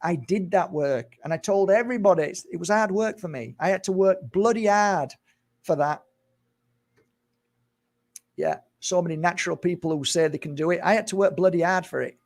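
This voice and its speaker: A man's voice: high-pitched, normal speed, gravelly. A man hosting a live spiritual Q&A, talking in an earnest, rambling way that swings into heated emphasis. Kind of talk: casual live-stream sign-off and rant.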